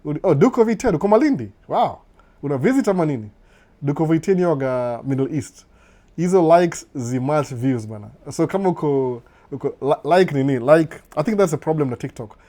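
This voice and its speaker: A man's voice: a little high, lively intonation, fairly quick, dark tone. A middle-aged Kenyan man hosting a casual live stream, reading viewer comments and switching between Swahili and English, often saying "no, no" and chuckling.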